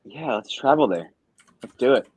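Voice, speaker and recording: A man's voice: mid-range voice, lively intonation, moderate pace, darkish tone, slightly rough, dry recording, rough recording. A man co-hosting a sports podcast in casual chat, talking loosely with frequent ums and trailing thoughts. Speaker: podcast co-host.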